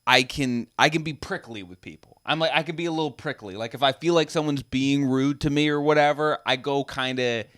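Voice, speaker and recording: A man's voice: medium pitch, a little fast, few pauses, a bit bright. A young adult man co-hosting a podcast, telling stories in casual chat, acting out quotes and swearing freely. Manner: storytelling with acted-out quotes, profane. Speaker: podcast co-host.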